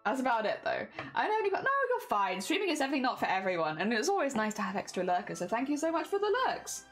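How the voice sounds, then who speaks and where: A chatty British woman talks casually to her livestream audience, her fairly high voice swinging up and down with animated expression. She laughs easily and keeps up a running patter, with soft music playing faintly in the background. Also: very fast. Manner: chatty, laughs often, repeats "oh dear" while reading chat. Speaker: craft livestreamer. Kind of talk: casual chat with livestream viewers.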